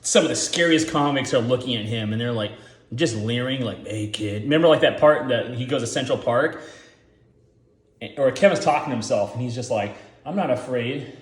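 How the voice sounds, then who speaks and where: A man's voice: mid-range voice, a little fast, echoey room. A man giving rambling, profane casual commentary, full of filler words, as the host.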